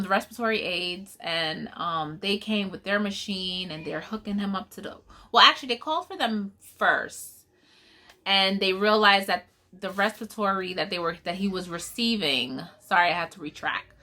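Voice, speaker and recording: In a casual vlog, a young woman from New York, USA, a mother, tells her son's story. Her mid-range voice is bright and forward, and she moves quickly through events. Retelling conversations with animation, she acts out each person's lines.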